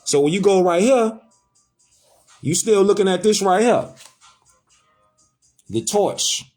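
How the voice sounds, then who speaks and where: A man's voice: high voice, slow, darkish tone, faint music behind. A man hosting a casual talk, speaking emphatically and with swearing, repeating his points. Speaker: host. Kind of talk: casual conversation, preachy.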